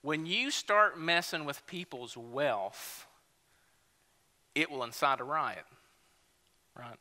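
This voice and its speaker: A male pastor, preaching a sermon in a relaxed, conversational, storytelling way. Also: a little high, takes it slowly, in a large hall. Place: church sanctuary.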